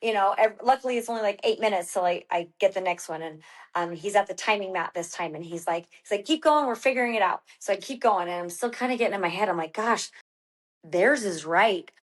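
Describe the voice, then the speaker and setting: A woman with a mid-pitched voice talks as a podcast guest, recounting events in a loose, chatty way. She leans on fillers and slips into acting out what she said herself. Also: brisk. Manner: chatty, with many fillers, acting out her own quoted lines. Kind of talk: casual storytelling in an interview.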